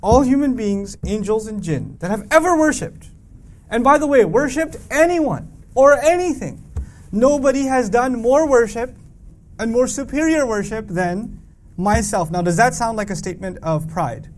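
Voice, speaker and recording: Guy teaching a quran class, high-ish voice, fires off questions at the room, rattles off arabic quotes fast. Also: expressive. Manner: emphatic, with rhetorical questions; recites Arabic verses quickly. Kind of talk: lecture to a live audience.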